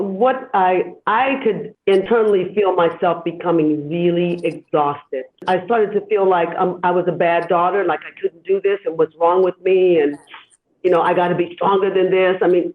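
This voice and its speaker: A woman guest and caregiver, speaking slowly and reflectively in a heartfelt podcast conversation over a remote call. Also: fairly low pitch. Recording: tinny phone-like line.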